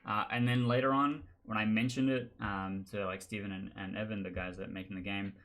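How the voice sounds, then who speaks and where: A man with a fairly low voice tells stories from tabletop games in a relaxed, chatty monologue. He keeps it animated and acts out the other players' lines as he goes. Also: fairly quick. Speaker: board game channel host. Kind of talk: casual storytelling monologue.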